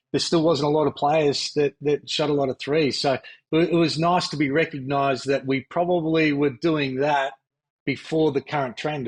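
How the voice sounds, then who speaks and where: Husky Australian former player reminiscing. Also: male voice, medium pitch. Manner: easygoing, reminiscing, frequent fillers. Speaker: guest, former pro basketball player. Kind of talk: relaxed interview chat.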